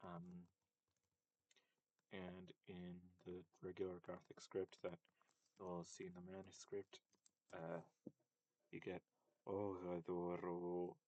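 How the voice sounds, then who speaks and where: Low, flat-voiced man explaining slowly. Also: lo-fi sound. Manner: hesitant, many fillers and self-corrections. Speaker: language teacher. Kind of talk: casual linguistics lesson.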